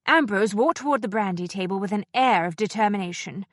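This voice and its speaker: Narrating an audiobook at medium pitch, a woman tells the story in an expressive, measured style. The audio is clean studio sound without any echo.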